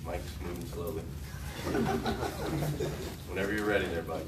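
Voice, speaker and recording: A man's voice: low-pitched, steady tone, unhurried, distant mic. A man running a morning sales meeting at a car dealership, joking and motivational, talking to staff in the showroom. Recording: roomy, off-mic with room noise.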